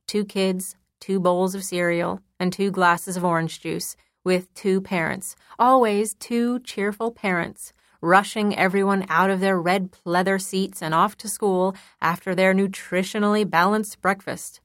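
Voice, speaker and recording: A woman reading a first-person novel aloud in a measured, intimate storytelling manner. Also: mid-range voice, steady tone, no room sound, clean studio sound. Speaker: audiobook narrator. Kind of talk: first-person audiobook narration.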